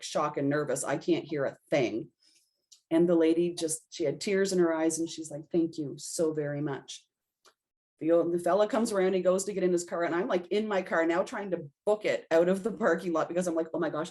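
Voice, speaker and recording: Female podcast guest, low-pitched, animated conversational storyteller. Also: fairly quick. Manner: animated storyteller acting out her own reactions. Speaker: podcast guest, intuitive reader.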